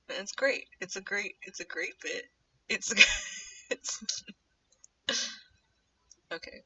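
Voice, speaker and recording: A young woman livestreaming while she animates, chatting casually in a rambling way and drifting into low muttering to herself as she draws. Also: drawn-out words, creaky, pauses often, sharp tone, breathy edge, recorded from a distance. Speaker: streamer animating live. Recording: dull lo-fi mic set back from the speaker.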